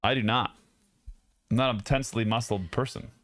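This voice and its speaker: A young man hosts a livestream from a studio mic, chatting casually and jokingly with viewers, laughing often and rambling. His mid-range voice is a bit bright and fairly quick, with fairly even intonation and a dry recording.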